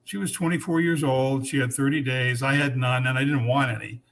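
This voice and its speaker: An older man in his sixties tells his story as a podcast guest. His middle-pitched voice sounds frank and earnest. He speaks bluntly and restarts his sentences often. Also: steady tone, a little fast, creaky, fairly bright tone. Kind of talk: candid personal storytelling.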